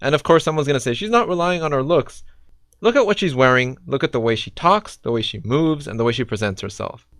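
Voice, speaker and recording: A man's voice: mid-range voice, lively intonation, fairly quick, fairly bright tone, no room sound. A man doing reaction commentary in a sarcastic, exasperated way. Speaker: response video commentator.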